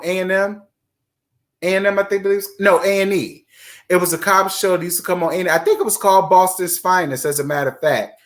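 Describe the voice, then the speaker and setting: Man around forty, raised pitch, chatty livestream host, emphatic repetition. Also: a bit bright. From Virginia, USA. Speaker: host of a live chat stream. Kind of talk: casual livestream chat, reading viewer comments.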